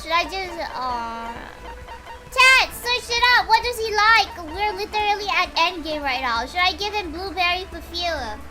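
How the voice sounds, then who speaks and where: High-voiced, excitable woman streamer. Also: normal speed. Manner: excitable, chatty, talks to chat. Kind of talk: casual game livestream chat. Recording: loud game music behind.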